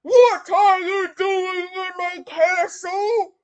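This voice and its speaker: A woman voicing a huge, fearsome male giant who roars slowly in a storybook reading. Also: very high voice, steady tone, voice pushed up, full character voice. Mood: roaring.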